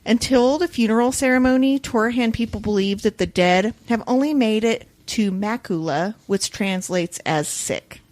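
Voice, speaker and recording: A woman's voice: on the high side, moderate pace, hardly any pauses, no room sound. Chatty woman podcast host, dry sound. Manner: animated, explains a researched topic with frequent "so" and "like". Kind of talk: casual book-club chat.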